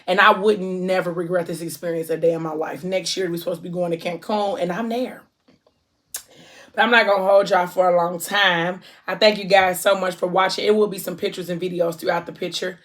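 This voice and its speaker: Woman vlogger, from ohio, casual chat to camera, effusive, loving shout-outs. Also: lowish voice, fairly even intonation. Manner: effusive, warm shout-outs, drawn-out endearments.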